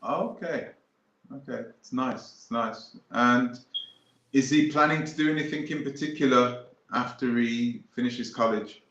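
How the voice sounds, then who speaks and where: A man's voice: mid-range voice, measured pace, fairly bright tone. A man hosts a live stream, talking in a casual, rambling way and hammering his points home by repeating them. His voice sounds echoey, as if recorded in a bare room, and a little muffled. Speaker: host.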